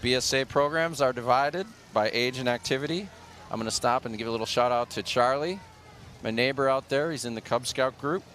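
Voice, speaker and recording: This is a man doing live commentary for a local TV parade broadcast. He moves between reading sponsor and group blurbs and loose banter. His pitch sits mid-range, and faint street sounds run beneath his voice. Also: brisk, fairly bright tone, slight background noise. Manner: reads sponsor blurbs, then chats loosely.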